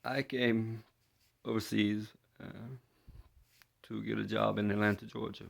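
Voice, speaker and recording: A man's voice: lowish voice, flat delivery, measured pace, vocal fry. A man from London, telling a personal story in a hesitant way, full of fillers and restarts. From London, England. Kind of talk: first-person storytelling monologue.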